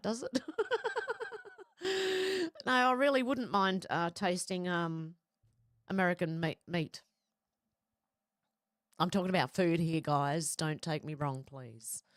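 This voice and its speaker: A woman's voice: fairly low pitch, unhurried, long pauses, dry recording, clean studio sound. A woman hosting casual news commentary, rambling and exclaiming with the odd swear. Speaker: commentary host.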